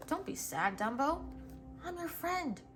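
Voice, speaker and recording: A woman's voice: high-pitched, very animated, a little slow, fairly bright tone, voice pushed up, heavily acted. A woman reading a storybook aloud, voicing a small, cheeky male circus mouse who speaks lightly and confidingly. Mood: comforting.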